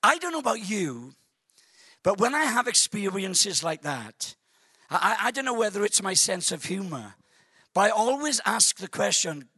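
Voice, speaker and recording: A man preaching a sermon in a church service, telling a funny story in an animated, joking way with stammering restarts. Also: sits high, normal speed, slightly rough, no echo.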